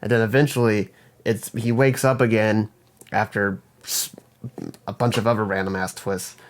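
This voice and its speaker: A man's voice: fairly low pitch, steady tone, moderate pace. A young man co-hosting a podcast, retelling a movie's plot in a rambling, swear-heavy way. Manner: profane, rambling plot retelling with mock voices for characters. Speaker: podcast co-host. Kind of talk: casual film recap.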